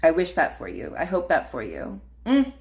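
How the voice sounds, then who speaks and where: A woman's voice: sits low, huge pitch swings, normal speed, gravelly, darkish tone. A woman hosting a casual solo livestream, rambling with lots of fillers and "like". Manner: rambling, filler-heavy, frequent laughs and "like". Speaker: podcast host.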